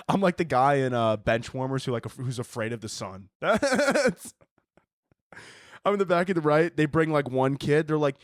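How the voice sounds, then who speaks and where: A man with a somewhat high voice delivers an animated, rambling comic monologue as a podcast host. He swears freely and laughs along at his own jokes. The sound is dry and close. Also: moderate pace, no echo. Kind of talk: comedic monologue.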